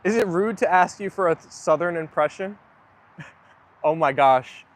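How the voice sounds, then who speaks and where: Man, slightly high pitch, chatting to viewers from his phone while outdoors in the rain; rambling and self-deprecating. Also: normal speed. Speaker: dog owner livestreaming to viewers. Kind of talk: casual live chat. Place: outdoors on a rainy, muddy walk.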